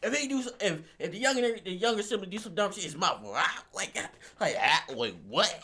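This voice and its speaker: Man, exasperated rant, lively pitch swings, bright tense tone, mutters then bursts out. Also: a little fast, husky. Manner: exasperated, repeats himself, swings between mutters and outbursts. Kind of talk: venting rant.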